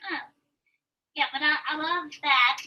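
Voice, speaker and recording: Bubbly lady host, high voice, talking you through her baking, bit far from the mic. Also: steady tone, measured pace, lo-fi sound. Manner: chatty and enthusiastic, explains steps as she goes. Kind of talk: casual live stream chat while cooking.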